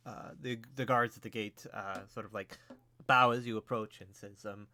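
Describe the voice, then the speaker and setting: A man's voice: fairly low pitch, fairly even intonation, moderate pace, bright, forceful tone. A man narrating as game master of a tabletop game, loose and filler-heavy.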